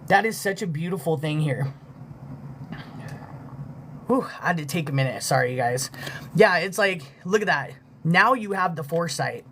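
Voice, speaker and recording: A casual live-stream reader delivers an intuitive reading in a rambling, sincere way, swearing freely and thanking viewers as it goes. The voice sits at a middle pitch. A light background hiss runs under the talk. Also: animated, moderate pace, pauses often, fairly bright tone. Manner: loose, heartfelt, swears freely, heavy filler "like". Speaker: livestream spiritual reader.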